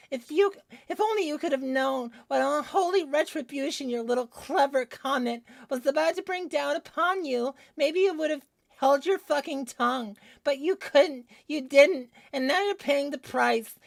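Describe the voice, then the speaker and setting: A man putting on the voice of a furious young woman who rants vulgar threats with heavy vocal fry. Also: extremely high pitch, no echo, voice pushed up, full character voice.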